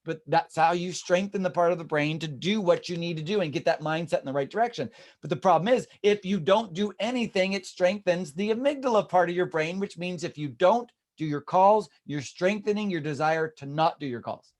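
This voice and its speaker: A man's voice: high-pitched, a little fast. A man leading a real estate team meeting, talking animatedly and acting out the people he quotes. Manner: animated, acts out quoted voices.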